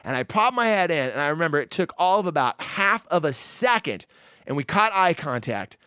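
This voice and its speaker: A middle-aged man telling a loose, animated anecdote from his days in a band, full of "you know" and "like". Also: on the high side, a little fast, clean tone, no room sound, studio quality. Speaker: musician telling a story. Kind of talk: casual anecdote storytelling.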